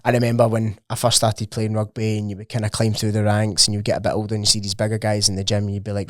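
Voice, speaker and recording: A man's voice: on the low side, flat delivery, rapid-fire, hardly any pauses, no echo, studio quality. Casual, sweary Scottish man. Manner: rambling, sweary, lots of "like" fillers. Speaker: podcast guest, gym owner. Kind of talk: casual chat.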